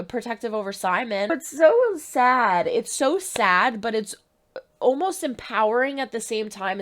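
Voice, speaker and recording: A woman talks straight to her viewers, recapping a drama episode in a loose, conversational way. She trips over her words, restarts her sentences, and lets her voice leap upward when something excites her. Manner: chatty, restarts often, stresses words with rising pitch. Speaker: reaction video host. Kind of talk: casual spoken recap of a TV episode.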